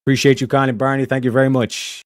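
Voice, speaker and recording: A young man hosting a casual livestream, rambling through donation shout-outs with lots of slang and filler phrases. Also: medium pitch, level tone, fast, no room sound, studio quality. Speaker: livestream host reading donations.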